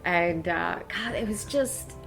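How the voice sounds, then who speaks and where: A woman co-hosting a casual podcast, with a voice on the lower side for a woman. She tells stories in an animated way and laughs often, with faint music underneath. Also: slow pace, vocal fry. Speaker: podcast co-host.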